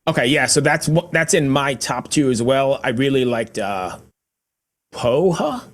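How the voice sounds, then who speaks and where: A man's voice: medium pitch, animated, measured pace. An older man with a New York accent co-hosting a music review podcast, leading the talk in an easygoing, conversational way. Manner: easygoing, conversational, leads the discussion. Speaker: podcast co-host reviewing albums. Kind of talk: casual chat.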